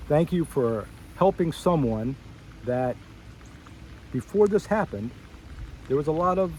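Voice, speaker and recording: A man's voice: a little high, a little hiss or hum, poor audio. A middle-aged man speaking to old schoolmates at a reunion, telling a story from his school days in a rambling way and acting out his younger self's reactions. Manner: storytelling, acts out his own past reactions with rising excitement; wandering, self-correcting asides. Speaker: former student addressing a school reunion. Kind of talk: personal reminiscence to old classmates.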